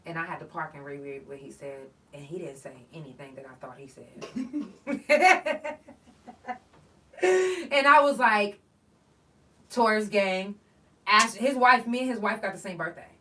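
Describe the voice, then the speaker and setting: Woman, podcast host, animated, swears, a bit distant from the mic. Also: mid-range voice, normal speed. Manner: animated storytelling, swearing, acting out texts. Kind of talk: casual solo chat.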